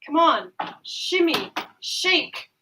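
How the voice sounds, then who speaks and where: Baking at home, a streamer talks casually, giggling, exclaiming and cursing at her cake. She speaks very slowly in a high voice with big pitch swings, and there's background noise, since a built-in device mic picks her up instead of a proper headset microphone.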